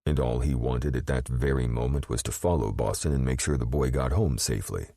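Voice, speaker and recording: Very deep, gravelly male narrator. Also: a little fast, warm tone, dry recording, studio quality. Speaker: audiobook narrator. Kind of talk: scripted audiobook narration.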